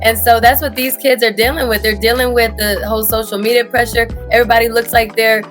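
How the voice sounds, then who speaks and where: A woman's voice: on the high side, level tone, fast, a bit bright. Woman, Houston accent, thirties, tennis coach, earnest, lots of "you know", faint music behind. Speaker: high school tennis coach. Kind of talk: interview answers.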